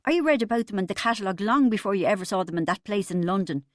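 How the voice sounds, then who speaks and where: A woman's voice: mid-range voice, animated, fast, dry recording, studio quality, natural voice. A woman voicing a bitter, boastful middle-aged husband in an audiobook, pompous and aggrieved. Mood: indignant.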